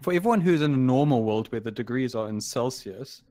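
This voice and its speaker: A man co-hosting a casual gaming podcast, complaining with deadpan exaggeration. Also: medium pitch, fast. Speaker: podcast co-host. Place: in Africa.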